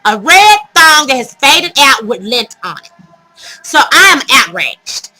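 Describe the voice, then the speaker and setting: A high, sharply bright woman's voice tells a dating story to her viewers. She talks casually and dramatically, with animated outrage and laughter woven through. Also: measured pace, rough recording. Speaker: vlogger telling her dating stories.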